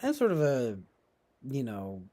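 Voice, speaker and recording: Halting, rambling man on a livestream. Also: mid-range voice, wildly swooping pitch, dark tone. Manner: rambling, halting, many restarts and fillers; chuckles often while talking. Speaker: livestream host reading chat. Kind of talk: casual livestream chat.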